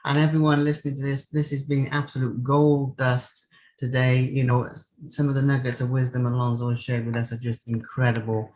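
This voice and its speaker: A man's voice: medium pitch, completely flat delivery, a little fast, darkish tone, highs cut off. A man hosting an interview, thanking his guest effusively and wrapping up the show. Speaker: host. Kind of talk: interview wrap-up.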